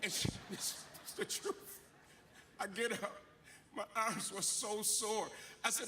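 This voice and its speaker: A man's voice: sits high, slow, a little hiss or hum. A man in his fifties, a bishop giving a graduation speech in a preacher's style, telling stories and acting out the quotes. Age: 50s. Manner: animated storytelling with acted-out quotes. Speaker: commencement speaker, bishop. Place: graduation ceremony.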